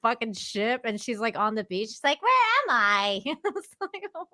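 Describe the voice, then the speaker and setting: A woman's voice: fairly high pitch, big pitch swings, normal speed, bright, forceful tone. A woman co-hosting a casual podcast chat, giggling and exclaiming as she mocks a show. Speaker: show co-host.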